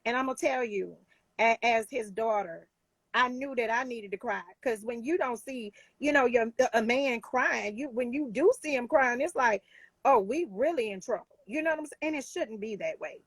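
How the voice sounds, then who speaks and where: A woman's voice: a little high, normal speed, no echo. A woman life coach talking in a casual talk show, emphatic and heartfelt, with many restarts.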